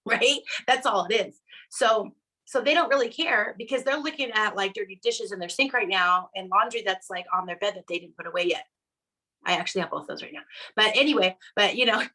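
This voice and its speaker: Bright, chatty woman coaching her team. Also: medium pitch, rough recording. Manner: chatty and upbeat, with lots of "right?" and "okay?"; acts out quoted customers in put-on voices. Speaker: sales team director. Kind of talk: coaching talk to a sales team.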